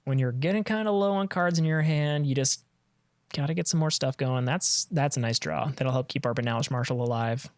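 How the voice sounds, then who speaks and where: A man's voice: mid-range voice, brisk, no room sound. A man giving casual commentary on his own card game match, thinking aloud and trailing off mid-sentence, on a close desk mic.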